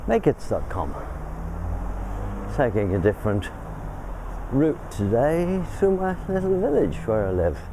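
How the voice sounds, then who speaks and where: An older Englishman hosts a casual vlog while walking uphill through a village, a little out of breath. His medium-pitched voice is very animated at a measured pace with long pauses, and he chats in a rambling way, breaking off mid-thought. Background noise is audible.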